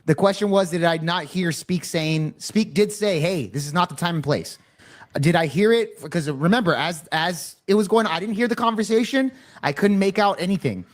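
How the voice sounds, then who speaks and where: A man moderating a live debate, trying to calm two arguing guests and repeating "hold on". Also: high voice, normal speed.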